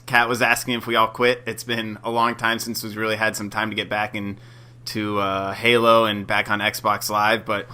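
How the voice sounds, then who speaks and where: Bright-voiced man co-hosting a podcast. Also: on the low side. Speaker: podcast co-host. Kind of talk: casual chat.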